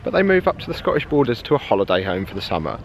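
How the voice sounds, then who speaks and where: Lively British man vlogging outdoors. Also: mid-range voice, racing. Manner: chatty, joking, lively. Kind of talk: casual travel vlog narration. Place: outdoors at a castle.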